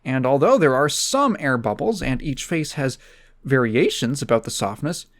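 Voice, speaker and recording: A man's voice: mid-range voice, big pitch swings, normal speed. A man doing an impression of a male online video critic, reading product instructions theatrically.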